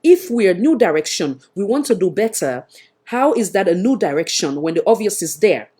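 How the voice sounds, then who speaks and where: With a Sierra Leonean accent, a woman hosts a live panel discussion as a talk show host, pressing her guest with repeated questions. Her medium-pitched voice is very animated at a normal speed, with a dark tone and a breathy edge.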